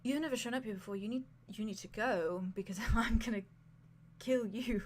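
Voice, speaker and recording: A woman voicing a haunted, trembling man trapped for ages, speaking in a broken, soft voice and stammering over his words. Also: high voice, normal speed, slight background noise, lightly acted. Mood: anguished. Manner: stammering, repeating himself.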